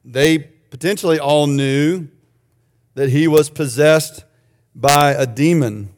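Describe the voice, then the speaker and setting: Higher-voiced preacher with joking asides. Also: male voice, slow pace. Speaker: pastor. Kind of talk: sermon.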